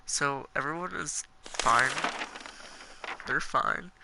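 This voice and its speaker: Gravelly, sharp-toned man playing a game. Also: mid-range voice, lively intonation, a little slow, a little hiss or hum, poor audio. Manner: playful and giggly, jokey asides between read-out lines. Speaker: let's play gamer. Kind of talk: casual gameplay commentary, reading game text aloud.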